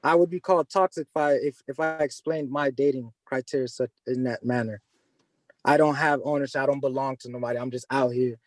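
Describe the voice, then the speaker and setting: A man's voice: medium pitch, fairly even intonation, fairly quick, no room sound. A young man arguing his point in a heated panel debate, casual and full of slang. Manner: casual slangy, argumentative, laughs often. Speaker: panel guest.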